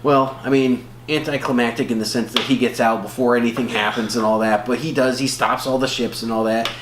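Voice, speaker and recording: A man's voice: mid-range voice, fairly even intonation, fairly quick. A man co-hosting a casual movie review podcast, rambling along with lots of fillers and restarts. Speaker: podcast co-host. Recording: roomy echo with faint hum.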